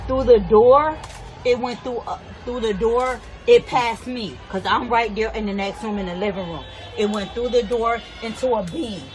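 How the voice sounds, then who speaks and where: A woman's voice: a little high, normal speed, poor audio. A woman, a resident, agitatedly retelling how bullets came through her home, repeating herself as she goes. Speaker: resident telling of a shooting. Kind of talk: casual storytelling.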